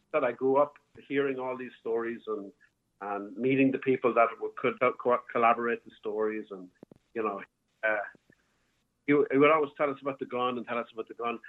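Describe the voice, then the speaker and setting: Man telling a story over a tinny phone line. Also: medium pitch. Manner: rambling, with many restarts and fillers. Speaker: bar owner guest. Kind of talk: casual storytelling. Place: home, calling in by phone.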